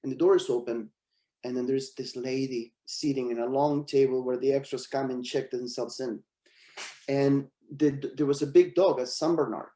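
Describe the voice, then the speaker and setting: A man's voice: mid-range voice, moderate pace, reverberant. A middle-aged man from Argentina with an Argentine Spanish accent, speaking English as a guest actor in a webinar, telling stories with frequent laughs. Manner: animated anecdotal storyteller, laughs often. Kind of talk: storytelling in a webinar. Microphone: video call.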